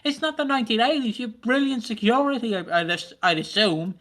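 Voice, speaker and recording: A man's voice: extremely high pitch, a little fast, fairly bright tone. A man co-hosting a podcast, ranting in casual chat with plenty of swearing and mocking put-on voices. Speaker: podcast co-host.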